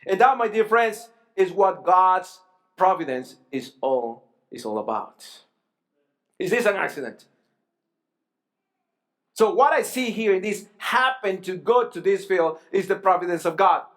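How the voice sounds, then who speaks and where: A middle-aged man preaches a sermon in a fairly high voice. He speaks earnestly, circling back over his phrases and asking rhetorical questions as he goes. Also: expressive, measured pace, long pauses. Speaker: pastor.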